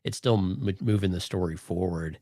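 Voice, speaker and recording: A man's voice: low voice, normal speed, dark tone, dry recording, studio quality. A man co-hosting a podcast in casual chat, rambling and enthusiastic, with lots of "like.". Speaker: podcast co-host.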